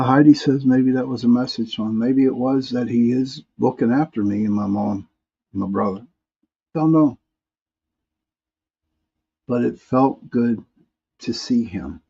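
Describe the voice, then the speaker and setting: A man's voice: medium pitch, slow pace, creaky, long pauses, mellow, slightly rough, dull audio. A man hosting a live paranormal talk stream, reading viewer comments in a rambling way, often restarting and repeating words.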